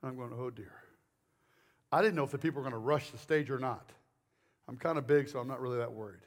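A male preacher giving a sermon, telling stories in a rambling, animated way full of jokes and asides. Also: mid-range voice, fast.

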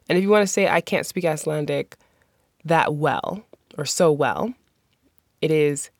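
A woman with a slightly low voice gives a language lesson at an unhurried pace. She is patient and encouraging and repeats each phrase slowly so the learner can copy it. The sound is dry and close, with no room around her. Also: dry recording. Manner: patient, encouraging, slows down to model pronunciation. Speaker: language teacher. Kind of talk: phrase lesson with slow repetition.

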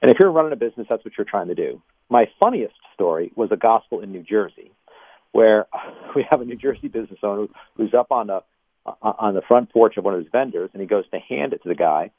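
A man's voice: lowish voice, quick pace, dry recording. A man, a ministry CEO, telling stories as a guest on a radio interview, mimicking voices as he goes. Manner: animated storyteller, mimics voices. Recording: tinny phone line, dry.

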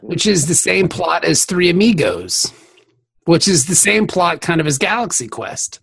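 High-voiced man, lively and gravelly. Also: unhurried, dry recording. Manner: laughs often, riffs on movies. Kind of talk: casual joking chat.

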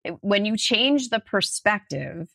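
A middle-aged woman talks as a guest on a podcast, lively and expressive. She tells stories, acts out the voices in them, and stresses her points. Her voice sits at a middle pitch and sounds close and dry. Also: a little slow, creaky, no echo. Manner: animated storyteller, acts out voices in anecdotes. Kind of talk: casual interview chat.

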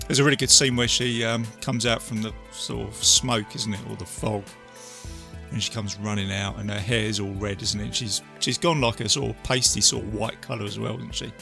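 A man talks through a film in casual chat, his voice gravelly and bright, with a habit of tacking on tag questions. Faint music sits under the conversation. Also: fairly low pitch, little pitch movement, normal speed. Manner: tag questions, chatty and laughing.

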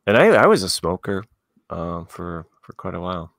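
A man chats on a podcast in a hesitant way, with plenty of fillers. His voice is very deep and gravelly. The recording is dry, with no room sound. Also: big pitch swings, normal speed, a bit bright, no echo. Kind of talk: casual chat.

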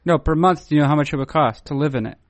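A man's voice: on the high side, very fast, dry recording. A man hosting a podcast, wordy and mock-formal in a playful, casual way. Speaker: podcast host.

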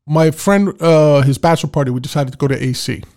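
A man's voice: a little high, quick pace, a little mellow. A man casually telling a long anecdote as a podcast co-host, rambling and laid-back with lots of fillers. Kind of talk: casual storytelling chat.

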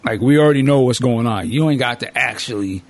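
A male podcast host casually recapping a movie as an animated storyteller who acts out the characters. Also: mid-range voice, a little fast, no echo.

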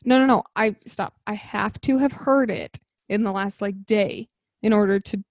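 A woman's voice: mid-range voice, normal speed, a little mellow, dry recording, clean studio sound. A young woman co-hosting a podcast, bubbly and upbeat in casual chat. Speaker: podcast co-host.

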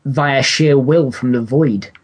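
Husky-voiced guy on a podcast, deadpan, kinda rambly. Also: medium pitch, takes it slowly. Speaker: podcast co-host. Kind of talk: casual comedic banter.

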